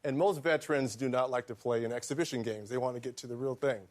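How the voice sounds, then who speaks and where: A former basketball player telling an anecdote in an articulate, amused way. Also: male voice, medium pitch, fast, a little mellow. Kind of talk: anecdote on a talk show.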